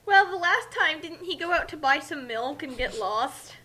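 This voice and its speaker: Woman chiming in on a fanfic reading, really high sharp voice, dry teasing comments. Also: animated, moderate pace. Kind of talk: casual comedic commentary.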